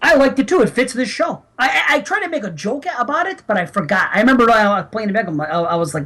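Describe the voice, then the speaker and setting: A man's voice: sits high, lively intonation, fast talker, hardly any pauses, a bit bright. A man hosting a podcast in casual chat, stammering through restarts and chuckling as he goes. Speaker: podcast host.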